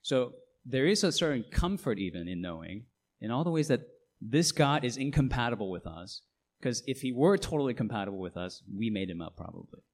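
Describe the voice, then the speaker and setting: A man's voice: mid-range voice, sing-song, fairly quick. A middle-aged man, a pastor, preaching a sermon with emphatic delivery and frequent rhetorical questions.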